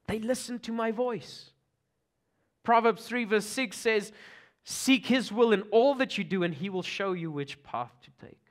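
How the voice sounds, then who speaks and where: A pastor with an Afrikaans South African accent preaching a sermon, swinging from loud urgent calls to hushed, near-whispered passages. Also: male voice, high voice, moderate pace.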